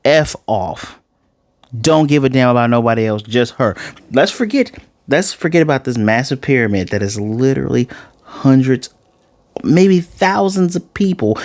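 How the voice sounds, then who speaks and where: A man's voice: mid-range voice, moderate pace, dry recording, clean studio sound. Blunt ranting man reviewing anime. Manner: animated, blunt, swears, frequent restarts.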